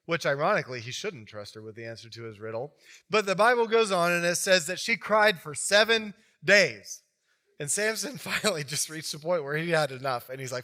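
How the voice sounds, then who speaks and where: A male pastor preaching in a loose, conversational style, voice bright and forceful, pitched slightly high. He tells the story with lively, animated asides. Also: moderate pace. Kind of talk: sermon.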